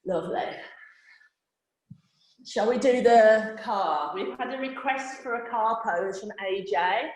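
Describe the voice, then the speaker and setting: Slow, playful yoga teacher. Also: female voice, on the high side. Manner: playful, encouraging step-by-step cues. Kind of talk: live guided yoga class for children. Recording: very echoey room.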